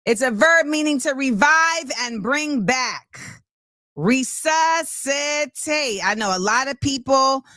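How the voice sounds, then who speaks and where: A woman's voice: high voice, unhurried, few pauses, pushed and bright, no echo, studio quality. A woman hosting a casual livestream show, playful and sing-song, reading out where viewers are watching from. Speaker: host.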